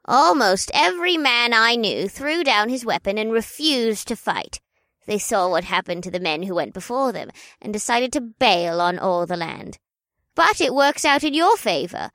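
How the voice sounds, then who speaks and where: A man voicing a stern, stubborn pig woman innkeeper in an audiobook, speaking curtly and in a flat monotone. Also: sits high, moderate pace, no room sound, studio quality, voice pushed up, full character voice. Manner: curt monotone. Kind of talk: audiobook character voice.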